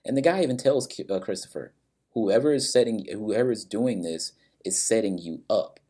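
Deep-voiced man recapping a plot. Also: lively intonation, moderate pace, dark tone, husky. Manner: storytelling, briefly acting out quoted characters; blunt, with some swearing.

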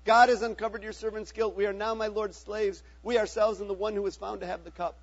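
A man's voice: high-pitched, little pitch movement, a little fast, no echo, dull audio, pitched above the performer's own voice. Judah, a man reading as a pleading older brother. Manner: pleading, urgent.

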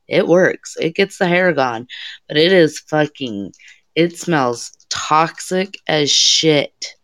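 A woman's voice: deep voice, takes it slowly, a bit bright, dry recording. A young adult woman co-hosting a casual chat show, swearing freely and trailing off mid-thought. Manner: swears a lot, trails off and restarts. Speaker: co-host.

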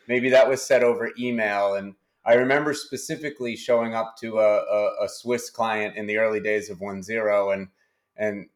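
A man with a New Hampshire accent, a company CEO speaking as a guest in an interview, halting and often repeating words. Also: fairly low pitch, fairly even intonation. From New Hampshire, United States.

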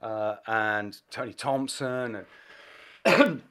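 A middle-aged English man, a bass player, telling animated anecdotes in a casual interview and laughing between phrases. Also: drawn-out words. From England.

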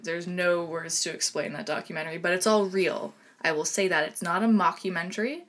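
A woman with a fairly low voice chatting on a film podcast. She talks with eager enthusiasm, then slips into quieter, offhand asides between her points. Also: steady tone, brisk. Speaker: podcast co-host. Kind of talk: casual chat.

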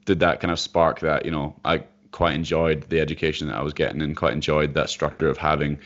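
A man's voice: rumbling low, level tone, fairly quick, a bit bright. A young man, a professional runner, talking casually and thoughtfully with many hesitations. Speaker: professional runner, podcast co-host. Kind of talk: casual chat. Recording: dull lo-fi audio.

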